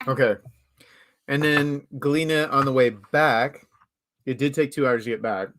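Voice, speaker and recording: Live-show host, male, mid-pitched, chatty and easygoing, laughs often. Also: fairly even intonation, moderate pace, a bit bright, a little hiss or hum. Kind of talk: casual live-stream chat.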